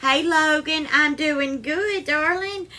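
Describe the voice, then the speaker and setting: A woman hosts a live cooking stream from her home kitchen, recorded on a phone mic. Her voice is high and bright, and she speaks slowly, greeting viewers by name and calling them darling.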